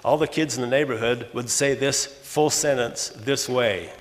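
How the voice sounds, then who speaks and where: A man's voice: medium pitch, measured pace. An older man from Los Angeles giving an academic conference lecture, explaining by example and often correcting himself mid-sentence. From Los Angeles, USA. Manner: explanatory, works through examples, frequent self-corrections. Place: conference hall. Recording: long reverb of a conference hall.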